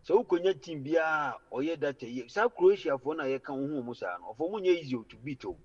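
A man's voice: a little high, lively intonation, fast, husky, big-room sound. A man in a casual football chat, argumentative and heavy on repeated fillers, heard over a muffled call.

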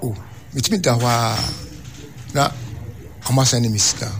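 A man's voice: mid-range voice, normal speed, slight background noise. A man in his fifties giving an earnest, insistent testimony as an interview guest, often repeating phrases for emphasis. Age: 50s. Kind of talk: casual spoken testimony.

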